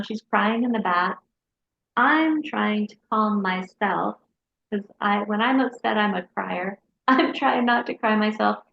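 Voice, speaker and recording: Therapist lady telling a family story, kinda high voice, dull lo-fi audio. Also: gravelly. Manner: lively storyteller who acts out her kids' voices. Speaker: hypnotherapist and mental health counselor. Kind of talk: interview storytelling. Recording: dull lo-fi sound.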